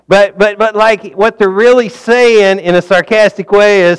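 In an unhurried, conversational sermon, a man preaches in a relaxed, folksy style and quizzes his listeners along the way. His smooth, clear voice sits a little high, climbing loud and high to drive a point home before dropping low and soft for asides.

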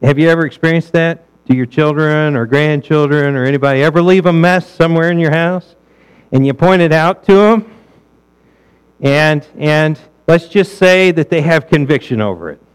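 A man's voice: fairly high pitch, moderate pace, clean tone, poor audio. A male pastor preaching a sermon in a conversational way, asking his listeners rhetorical questions.

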